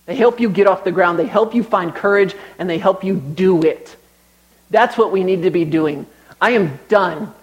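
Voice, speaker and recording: Young male preacher, high voice, chatty storyteller who turns emphatic. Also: poor audio. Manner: conversational storytelling, rising to emphatic exhortation. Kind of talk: sermon.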